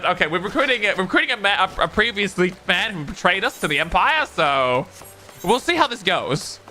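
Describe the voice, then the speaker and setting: A man's voice: high-pitched, big pitch swings, a little fast, bright, forceful tone. An Australian man streaming a game, chatty and giggly, rambling as he plays. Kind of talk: casual gaming commentary. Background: game music.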